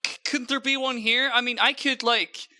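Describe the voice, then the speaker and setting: A man's voice: very high-pitched, steady tone, normal speed, bright, forceful tone, no echo. A man from Norway co-hosting a podcast, rambling with many fillers and restarts. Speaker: podcast co-host. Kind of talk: casual chat.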